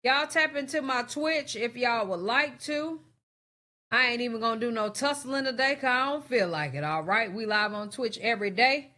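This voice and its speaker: A woman's voice: fairly high pitch, moderate pace, pushed and bright. A woman hosting a reaction stream, giving blunt, profane, casual commentary to her viewers.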